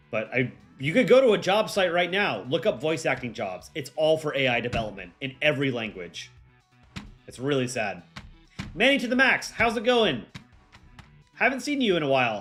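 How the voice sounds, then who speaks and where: A man's voice: medium pitch, fairly bright tone. A young man hosting a livestream, chatting casually and rambling with lots of fillers. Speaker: livestream host.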